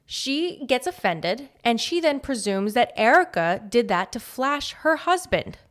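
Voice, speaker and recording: Woman co-host, somewhat high voice, sarcastic casual chatter. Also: sing-song, a little slow. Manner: chatty, sarcastic, acts out quotes. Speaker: podcast co-host. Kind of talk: casual chat.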